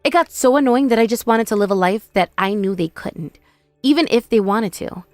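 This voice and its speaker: Lady doing a whiny desperate sister-in-law begging, kinda high voice, faint music behind. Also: moderate pace, dry recording, lightly acted. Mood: defensive. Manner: pleading, whiny, self-pitying.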